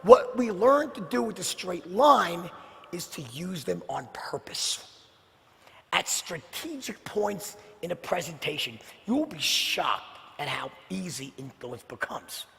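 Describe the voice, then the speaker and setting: Addressing his audience directly at a live sales seminar, a man asks rhetorical questions and shifts from loud outbursts to near-whispers. His fairly high voice is gravelly, trailed by a long reverb.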